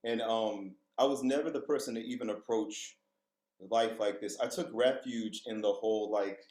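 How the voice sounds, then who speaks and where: A man's voice: on the low side, normal speed, a little mellow, reverberant, rough recording. A man, a vocal coach, telling candid personal stories as a podcast guest, laughing and swearing freely. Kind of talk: casual storytelling interview.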